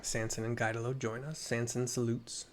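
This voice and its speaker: A man's voice: medium pitch, level tone, moderate pace, a little hiss or hum. A man casually narrating a game playthrough for blind viewers, describing the action and correcting himself as he goes. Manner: chatty, self-correcting. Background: game music.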